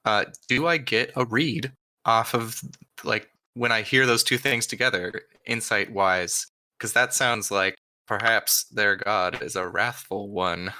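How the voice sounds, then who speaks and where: A man's voice: lowish voice, steady tone, unhurried, bright, forceful tone. A man playing in a tabletop game, joking and wry. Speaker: player. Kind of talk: tabletop role-play chat.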